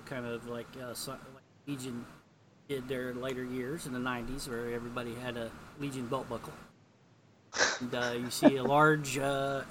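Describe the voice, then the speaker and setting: Rambling casual man, slightly high. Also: fairly bright tone, a little hiss or hum. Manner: rambling, filler-heavy, informal. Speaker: podcast co-host reading a comic aloud. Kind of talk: casual chat, reading aloud.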